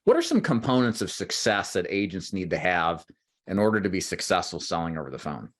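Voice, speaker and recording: A man with a low, deep voice hosts a sales-training interview over a video call. He talks in long explanatory stretches and turns to address the viewers directly. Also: big pitch swings, fairly quick, a bit bright. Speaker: host and agency owner. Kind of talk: interview for a recruiting livestream.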